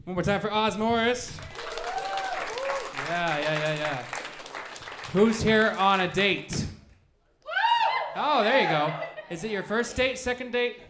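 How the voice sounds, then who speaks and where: A man's voice: high voice, slow, long pauses. A man hosting a comedy show, teasing the audience between acts in an upbeat way. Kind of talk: emcee crowd work. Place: comedy club stage. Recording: noisy club with loud crowd. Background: audience chatter and laughter.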